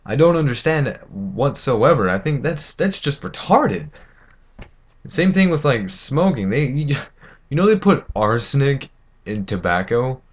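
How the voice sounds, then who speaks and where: A man's voice: medium pitch, sing-song, a little slow, husky. A teenage boy ranting to camera, indignant and rambling, with many fillers and restarts. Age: teens. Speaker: vlogger. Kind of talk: opinion rant to camera.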